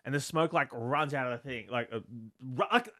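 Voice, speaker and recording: A man's voice: mid-range voice, brisk, bright, forceful tone. A young Australian man co-hosting a podcast, telling a rambling, self-mocking story in casual comedic chat. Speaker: podcast co-host.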